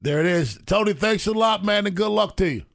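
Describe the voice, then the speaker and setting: A man hosting a sports radio show, briskly running segments and reading out the call-in number. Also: high voice, animated, gravelly, a bit bright, no echo.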